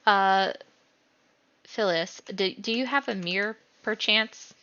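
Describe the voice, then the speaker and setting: A woman's voice: mid-range voice, takes it slowly, pushed and bright, clean tone, muffled recording. A woman acting as game master, asking players questions with light teasing. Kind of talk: running a tabletop game.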